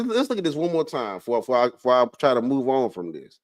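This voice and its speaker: A man hosting a casual livestream chat, excitable and profane, jumping between loud outbursts and low muttering, and stumbling when he reads aloud. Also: fast talker, no echo, rough recording. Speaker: livestream host.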